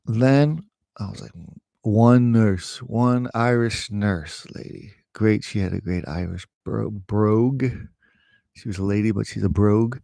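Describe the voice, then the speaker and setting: A man giving rambling, casual advice in a home vlog, laughing at his own jokes and trailing off quietly. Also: fairly low pitch, measured pace, gravelly, no echo. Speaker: vlogger sharing home remedies.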